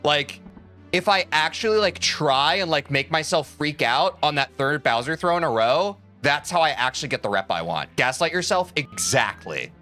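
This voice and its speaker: Faint music plays as a young man chats with viewers during his speedrun stream, replying to their messages and swearing liberally. He speaks at normal speed in a slightly high, sharp voice with lively intonation.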